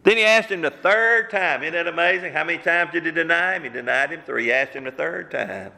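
A man's voice: on the high side, brisk, vocal fry, pushed and bright. A man preaching a sermon as pastor, using fervent rhetorical questions. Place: church sanctuary. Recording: long church hall reverb.

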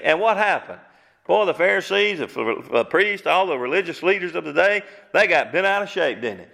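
A man's voice: sits high, animated, a little fast, vocal fry, bright, forceful tone, long reverb tail. A middle-aged man preaching a sermon emphatically, asking his listeners rhetorical questions.

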